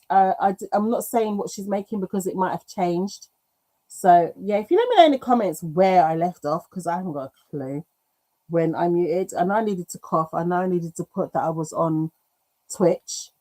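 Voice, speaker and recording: A woman from the United Kingdom with a low, dark-toned voice hosts a craft livestream, chatting casually and reading comments aloud. She's self-mocking and quick to laugh, and coughs now and then.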